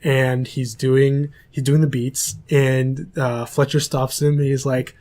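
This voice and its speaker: A man's voice: medium pitch, flat delivery, slow, few pauses, a little mellow. A young man co-hosting a casual podcast chat, rambling through a film plot and losing his place as he goes. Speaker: podcast co-host.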